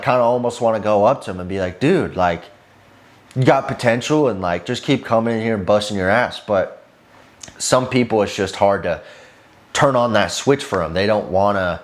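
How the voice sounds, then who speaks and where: A young man vlogging casually, talking with intense drive, swearing often and rambling with lots of fillers. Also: fairly low pitch. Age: young adult. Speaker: fitness vlogger. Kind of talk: casual motivational talk to camera.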